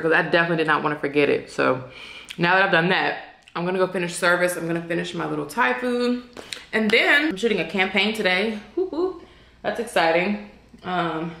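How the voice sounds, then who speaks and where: A young adult woman chatting casually in a vlog, relaxed and drawn-out. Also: on the low side, creaky, reverberant. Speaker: lifestyle vlogger.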